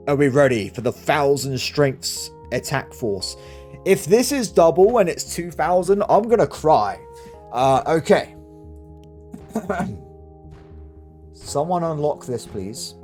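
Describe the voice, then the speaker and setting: A man giving excitable game commentary, talking to himself and his viewers as he plays. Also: medium pitch. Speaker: gaming channel host.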